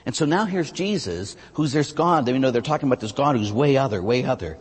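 Animated American priest preaching in a reverberant hall. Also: male voice, a little fast, slightly rough. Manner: animated, rises high on emphatic phrases then drops low and quiet. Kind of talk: sermon.

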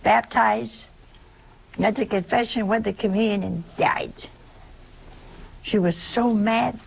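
A woman preaching a sermon in an animated way, with many rhetorical questions and little acted-out exchanges. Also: medium pitch, slow pace, vocal fry, husky.

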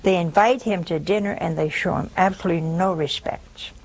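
A woman's voice: on the low side, brisk, poor audio. A woman preaching a broadcast sermon, telling folksy stories with a teasing edge.

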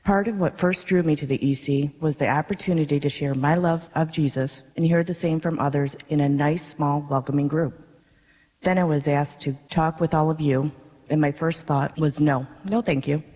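A woman, a parishioner, reading her personal faith testimony to a congregation in an earnest, measured way. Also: sits low, steady tone, a little mellow. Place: darkened church worship space. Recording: reverberant worship space.

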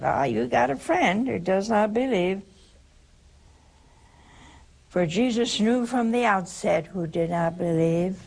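An older woman with a gravelly voice explains doctrine to a caller. She moves slowly and repeats her points for emphasis, like a patient radio preacher. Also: medium pitch, animated, a little mellow. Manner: slow, emphatic, repeats key phrases. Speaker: religious radio host answering callers. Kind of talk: preaching call-in radio answer.

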